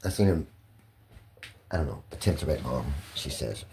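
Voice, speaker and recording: A man with an extremely low, gravelly voice talks through a rambling personal monologue. He repeats himself and swears freely. He drops into hushed murmurs and then rises into loud, heated outbursts. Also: lively intonation, normal speed, heavy background noise. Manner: profane, repetitive and impassioned.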